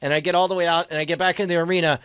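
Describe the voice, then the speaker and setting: High voiced guy stammering thru his turn, hesitant, dry close sound. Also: steady tone, very fast, fairly bright tone, clear, resonant tone, no room sound. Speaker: player. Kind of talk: playing a tabletop game.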